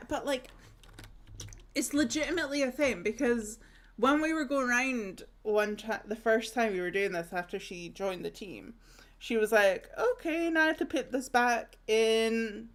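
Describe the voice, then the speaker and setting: A young woman with an Aberdonian accent from northeast Scotland streams a game and chats casually, rambling from story to story. Her voice is fairly high in pitch and a bit bright.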